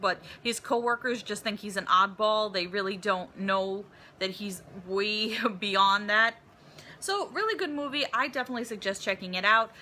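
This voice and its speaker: A woman talks through a film she loved, circling back and restarting her sentences as she goes. Her voice is bright and sits at a medium pitch. It sounds like a casual home recording. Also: a little hiss or hum. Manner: chatty, rambling with fillers and restarts. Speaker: movie reviewer. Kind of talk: casual movie review.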